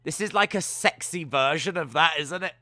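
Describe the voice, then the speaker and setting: A man giving jokey live reactions while watching a wrestling show, now and then letting out sudden loud yells. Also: fairly high pitch, normal speed. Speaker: wrestling watch-along streamer.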